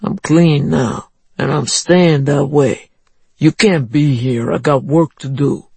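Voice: mid-range voice, slow pace, vocal fry, darkish tone, breathy edge, no room sound, full character voice. A narrator voicing a nervous, defensive big man in an audiobook. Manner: tense, defensive.

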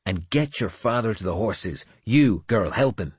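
A man voicing a gruff warrior captain in an audiobook, snarling blunt orders. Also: on the low side, animated, a little slow, no room sound, pitched above the performer's own voice, heavily acted. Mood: gruff, commanding. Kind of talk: audiobook character voice.

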